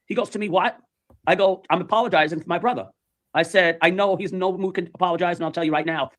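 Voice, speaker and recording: A man's voice: sits high, quick pace. A man telling a story in casual chat, animatedly acting out the voices of the people in it. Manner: animated, acts out quoted voices.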